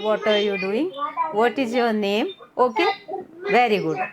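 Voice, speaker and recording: A woman's voice: mid-range voice, animated, unhurried, crowd noise. A young woman with an Indian accent teaching a grammar class, mixing Hindi and English and repeating words to drill them. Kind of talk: online class lesson.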